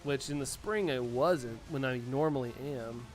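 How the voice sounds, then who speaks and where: A man from the United States, a live streamer, chatting casually and answering viewer chat out loud. He sounds a little sniffly from allergies. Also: medium pitch, measured pace, over music.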